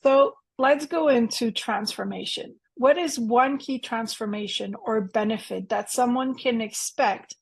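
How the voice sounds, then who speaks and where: Husky-voiced woman hosting an interview. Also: fairly high pitch, unhurried, hardly any pauses. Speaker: interview host.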